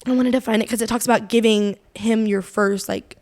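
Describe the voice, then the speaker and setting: Earnest, rambling young woman, slightly high. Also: steady tone, fairly quick, darkish tone. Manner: earnest, rambling, heavy use of "like"; quotes her own thoughts aloud, laughs often. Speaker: podcast co-host. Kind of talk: casual faith chat, personal testimony.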